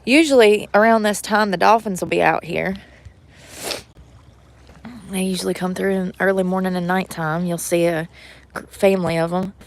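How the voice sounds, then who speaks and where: On a cold day beside the water, a woman vlogs into her phone in a fairly low, steady voice at normal speed, leaving long pauses. Slight background noise comes through as she chats casually, swearing freely and laughing often.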